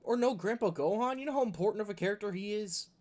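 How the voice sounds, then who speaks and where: Fast-talking in a high voice with a darkish tone, a man fronts a gaming video with a loose, rambling rant. Filler words pile up, and he chuckles as he goes.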